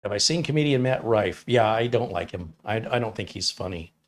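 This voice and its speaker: Fairly low-pitched and expressive, this Michigan man in his fifties talks a little fast as he answers viewers on a livestream. A computer tech, he's wry and opinionated, tossing in sarcastic remarks during the casual chat.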